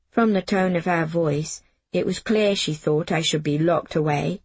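A woman reading a first-person story aloud in a measured storybook narration. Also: deep voice, husky, dry recording. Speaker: audiobook narrator.

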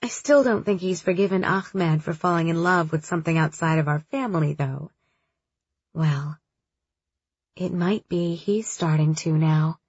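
A woman voicing a gentle, wistful young woman who speaks softly and reflectively. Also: on the low side, measured pace, breathy edge, no room sound, dull audio.

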